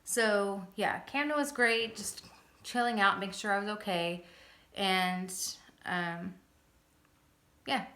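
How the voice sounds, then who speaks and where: A woman's voice: mid-range voice, slow pace, long pauses, a bit bright. A woman in her thirties, speaking casually to her camera at home. She tells a personal story in a chatty, upbeat way and laughs often. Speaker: vlogger sharing her epilepsy journey. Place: living room at home. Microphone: phone or camera on a stand. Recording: roomy home echo.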